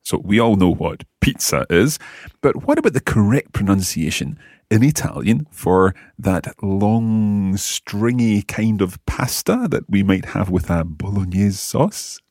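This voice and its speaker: Lively man teaching a language. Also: lowish voice, a little slow, husky, dry recording, clean studio sound. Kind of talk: scripted podcast lesson.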